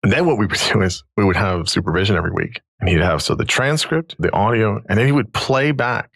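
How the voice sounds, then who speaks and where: A man's voice: on the low side, fast, creaky, no echo. A man in his forties, a podcast host and therapist, telling a long personal story in casual conversation and acting out the people he quotes. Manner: animated, acts out quoted dialogue.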